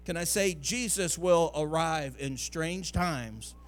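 A man's voice: a little high, slow pace. A male pastor, preaching a sermon that builds to near-singing climaxes.

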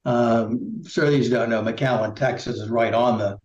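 A man's voice: mid-range voice, steady tone, unhurried, a little mellow, echoey room, lo-fi sound. A middle-aged man from Indiana, a political candidate, talking casually in an interview with lots of fillers and restarts. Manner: rambling, many fillers and restarts.

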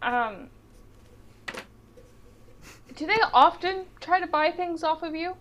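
A woman's voice: very high-pitched, takes it slowly, fairly bright tone, slight background noise. A woman playing a tabletop role-playing game, asking polite, hesitant questions. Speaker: player.

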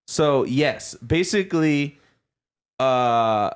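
A man's voice: mid-range voice, lively intonation, extremely slow, clean tone. A man co-hosting a podcast in casual chat, rambling and laughing easily as he restarts his sentences. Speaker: podcast co-host.

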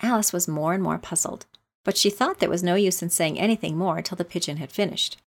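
A woman narrating a storybook in a measured, gentle manner. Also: lowish voice. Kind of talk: storybook reading.

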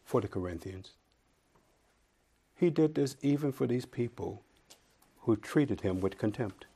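A man giving a conversational Bible teaching, building to loud emphasis as he reads scripture and dropping into dry, sarcastic asides. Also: medium pitch, animated, a little slow, breathy edge.

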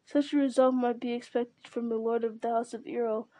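A woman's voice: on the high side, little pitch movement, normal speed, warm tone, dry recording, natural voice, low-quality recording. A woman reading aloud as a fawning, sly old male counselor who wheedles and whines. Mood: wheedling. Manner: wheedling, whining.

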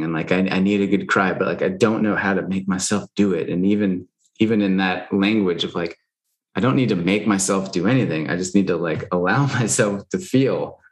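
Man, very low voice, casual talk, candid, filler-heavy, swears now and then. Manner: loose and candid, many fillers, swears freely. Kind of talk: casual conversation.

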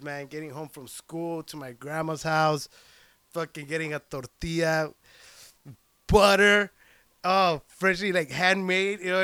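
A young man hosts his podcast into a handheld microphone, swearing freely and rambling excitedly with lots of restarts. His voice sits high and comes through smooth and resonant. The sound is dry and close, with no room around it. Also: no room sound. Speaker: podcast host and stand-up comic. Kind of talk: casual rambling podcast chat. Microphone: handheld microphone plugged into a computer.

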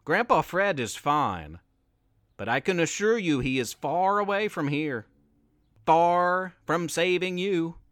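A sly, sinister cave monster, put on by a man, speaks in a slow, drawn-out, menacing way. The voice is pitched well below his usual tone and sounds dry and close. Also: lively intonation, fairly bright tone, no room sound.

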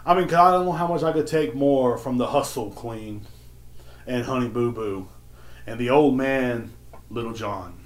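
A man's voice: mid-range voice, normal speed. Profane, exasperated man ranting on a podcast. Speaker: podcast host. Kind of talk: casual storytelling rant.

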